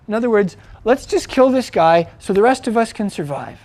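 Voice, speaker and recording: High-voiced man telling a Bible story casually. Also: a little fast, few pauses, dry recording. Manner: conversational, animated retelling with many fillers and restarts. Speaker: Bible teacher.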